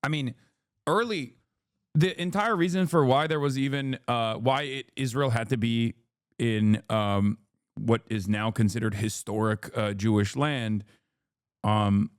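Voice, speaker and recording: A man streaming a reaction video, talking loosely and profanely, with many fillers and lively jumps when he quotes people. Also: mid-range voice, a little slow, clear, resonant tone, no echo, clean studio sound. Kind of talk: casual reaction commentary.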